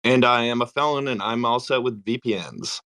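A man's voice: medium pitch, moderate pace, fairly bright tone. A man chatting casually in a laid-back, joking way. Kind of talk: casual chat on a live audio space.

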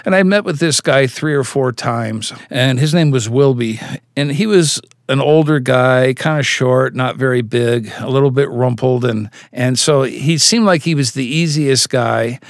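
A man's voice: mid-range voice, measured pace, no echo, clean studio sound. A man as an interview guest, earnestly telling a personal story and acting out the dialogue. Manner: earnest, acts out quoted dialogue.

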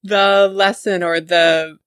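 A woman hosting a casual interview, asking relaxed questions with short responses. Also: mid-range voice, takes it slowly, no room sound, clean studio sound. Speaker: interviewer, host.

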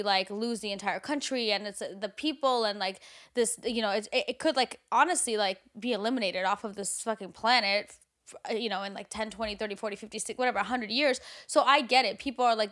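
A woman co-hosting a casual chat show, talking in an animated way with lots of fillers and frequent swearing. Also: fairly high pitch, a little fast. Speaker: podcast co-host.

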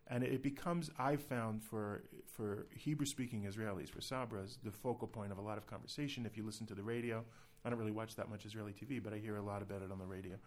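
A man's voice: on the low side, fairly even intonation, fast talker, hardly any pauses. A man hosting a casual podcast, talking in a chatty, self-deprecating way with loose restarts. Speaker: podcast host.

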